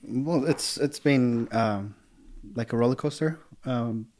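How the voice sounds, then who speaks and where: A man in his thirties answers as a guest, pausing often on "uh" and "um". Now and then he slips in a dry joke. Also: medium pitch, darkish tone, a little hiss or hum. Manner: hesitant, many "uh" and "um", dry jokes. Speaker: podcast guest. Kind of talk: casual interview chat.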